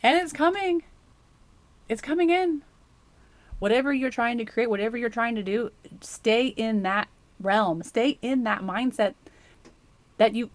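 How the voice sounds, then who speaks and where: A woman giving a casual, rambling tarot reading that speaks straight to the viewer. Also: medium pitch. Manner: rambling, chatty, addresses the viewer directly. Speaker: tarot reader.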